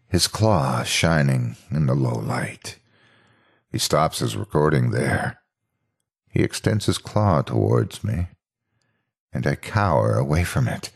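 A man reading a first-person horror story aloud as narrator, in a measured, dramatic way. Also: very deep voice, lively intonation, vocal fry, breathy edge.

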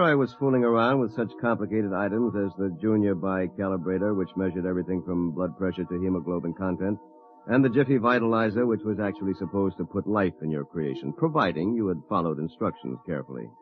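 An actor narrating as a wry young lawyer in first person, in a muffled vintage radio drama recording with faint music behind. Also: male voice, low-pitched, lightly acted. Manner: wry, dry storytelling. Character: wry young male lawyer telling his story.

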